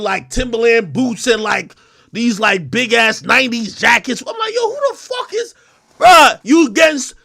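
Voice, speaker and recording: A man from Jamaica hosting his own show, delivering a profane, aggressive, confrontational rant and often breaking into shouts. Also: very high-pitched, creaky. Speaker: host. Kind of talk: ranting livestream commentary.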